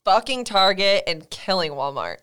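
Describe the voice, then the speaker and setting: Young woman, podcast co-host, mid-pitched, smooth, laid-back. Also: big pitch swings, fairly bright tone. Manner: laid-back, quick-talking, laughs easily. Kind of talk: casual chat.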